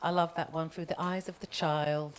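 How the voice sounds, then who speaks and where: A woman's voice: low voice, flat delivery, moderate pace, very noisy. A woman hosting a community poetry showcase, chatty and laughing often as she brings readers up. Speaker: event host. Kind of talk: live event compering.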